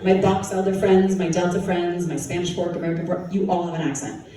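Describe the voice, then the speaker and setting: A woman's voice: fairly low pitch, little pitch movement, fairly quick. A woman from Utah with a Utah accent, a TV co-host giving a playful talk that quizzes a live audience. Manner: chatty and playful, quizzes the crowd. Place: large hall with an audience. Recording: echoey hall, mic heard from a distance, crowd noise.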